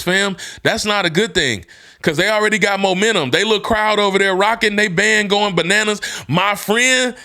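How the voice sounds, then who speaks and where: Animated, bright-voiced man telling a hyped story. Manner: animated, swings from hyped shouts to low somber tones. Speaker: podcast host. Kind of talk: motivational storytelling.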